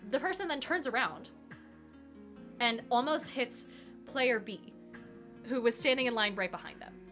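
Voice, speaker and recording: A woman hosting a live question-and-answer stream, talking very fast in casual, rambling chat with lots of fillers. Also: a little high, expressive, a bit bright, faint music behind. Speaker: livestream host answering tabletop game questions.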